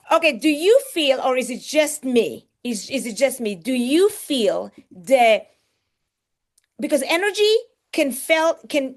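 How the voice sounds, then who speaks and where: A middle-aged woman hosting an online book launch over a video call, reading out chat comments in an effusive, exclamatory way. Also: sits high. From Israel. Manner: effusive, exclamatory, warm thanks to each commenter.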